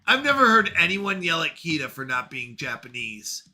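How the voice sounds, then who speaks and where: Bright, high-voiced man in his thirties. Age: 30s. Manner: animated, reads chat aloud with quick reactions and apologies. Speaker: streamer reading chat. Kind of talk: casual live-stream chat.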